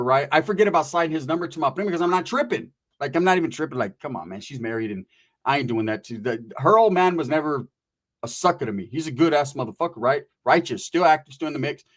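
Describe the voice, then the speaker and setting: A man's voice: fairly high pitch, animated, a little fast. A young man telling a crude, slangy comic story, tagging lines with "right?".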